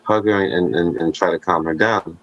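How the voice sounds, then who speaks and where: A man co-hosting a podcast, telling stories in casual conversation with animated asides and jokes. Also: low voice, moderate pace, no room sound, dull audio. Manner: animated storytelling, joking asides.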